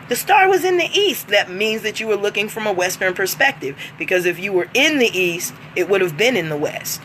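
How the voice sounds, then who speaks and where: A woman's voice: medium pitch, big pitch swings, a little fast, hardly any pauses, fairly bright tone, a little hiss or hum. A woman vlogging in a casual monologue, blunt and profane, laughing often between lines.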